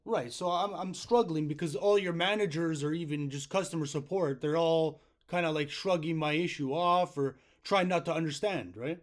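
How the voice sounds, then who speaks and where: A man's voice: fairly high pitch, normal speed, hardly any pauses. A man, a self-publishing author, making a frustrated complaint call to customer support and often tagging his points with "right?". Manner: frustrated, insistent, keeps asking 'right?'.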